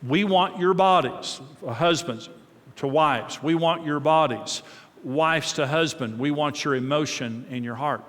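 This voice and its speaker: A man's voice: on the high side, a little slow, a bit bright. A middle-aged man giving a conversational marriage talk to an audience, often repeating words and telling anecdotes. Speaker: marriage teacher. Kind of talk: teaching talk to a live audience. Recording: long reverb of a large hall.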